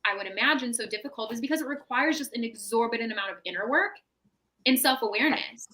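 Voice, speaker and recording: A woman's voice: a little high, quick pace, sharp tone, poor audio. A woman, a mental health professional appearing as a podcast guest, talking in a reflective, explanatory way and often checking in with "right?". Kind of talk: casual podcast chat.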